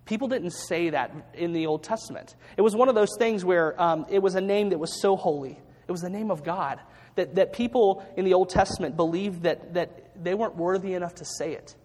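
A man preaching a sermon in an earnest way, often repeating words as he reads scripture aloud. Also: sits high. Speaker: pastor. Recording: long hall reverb.

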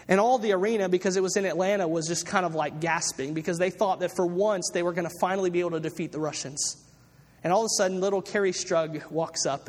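A man with a high voice preaches a sermon, telling a long story with plenty of ums and restarts. His voice rings out with a long hall reverb around it. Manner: storytelling with many fillers and restarts. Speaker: pastor.

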